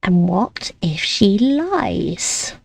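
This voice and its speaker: A woman's voice: medium pitch, big pitch swings, drawn-out words, creaky, a little hiss or hum, full character voice. A woman voicing a possessive, controlling female caretaker with a cool, insistent, manipulative manner.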